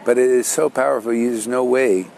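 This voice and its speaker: An older man tells his life story in a casual, meandering way, circling back and restarting his sentences. His mid-range voice carries a gravelly fry. A faint hiss of noise sits under the recording. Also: medium pitch, steady tone, a little fast, a little mellow. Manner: rambling, many restarts and "man, you know". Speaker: spiritual teacher.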